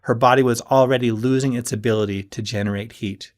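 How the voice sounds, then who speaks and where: A man reading a first-person audiobook in a steady storytelling manner that rises with moments of tension. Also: mid-range voice, fairly quick. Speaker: audiobook narrator.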